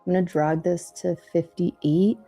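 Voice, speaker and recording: Female trader, live market commentary, low gravelly voice, eggs the price on. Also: fairly even intonation, unhurried, mellow, faint music behind. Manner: calls price levels and targets, urges the market on. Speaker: trader on a live trading stream.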